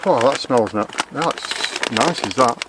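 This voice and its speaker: A Lancashire man vlogs outdoors in a garden, his mid-range voice animated but slow against very heavy noise. He rambles chattily and keeps correcting himself.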